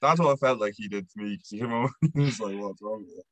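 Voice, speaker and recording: A man's voice: mid-range voice, rapid-fire, a bit bright, no echo, low-quality recording. A young man with an Irish accent, hosting a casual podcast chat, laughing as he tells stories and swearing freely. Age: young adult. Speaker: podcast host.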